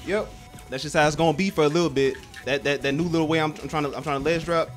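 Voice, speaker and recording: A young man streaming a game, rambling and swearing as he plays, with loud, animated reactions. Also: on the high side, fast, faint music behind. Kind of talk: excitable gameplay commentary.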